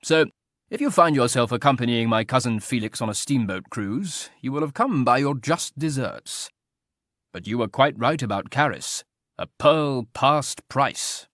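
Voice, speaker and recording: A man's voice: medium pitch, big pitch swings, a little fast, fairly bright tone, no room sound, studio quality. A man reading an audiobook voices an idle, teasingly ironic aristocratic marquis who talks in a mock-mournful drawl.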